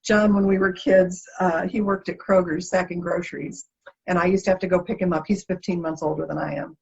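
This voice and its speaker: Expressive woman telling her story, husky. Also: fairly low pitch, a little fast. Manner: animated, lively storyteller. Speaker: interview guest. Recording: dull lo-fi sound.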